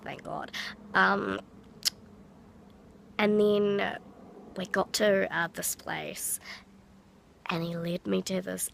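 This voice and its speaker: Very gravelly woman telling a story. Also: medium pitch, slow pace, long pauses, a bit bright, a little hiss or hum. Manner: rambling, many fillers, acts out quotes. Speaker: vlogger. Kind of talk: storytime vlog.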